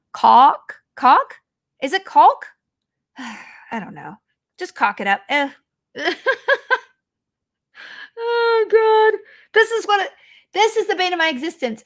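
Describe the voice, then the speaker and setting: A woman's voice: high-pitched, a bit bright. A woman in her forties hosting a podcast, telling rambling, self-mocking stories in casual chat. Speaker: podcast host.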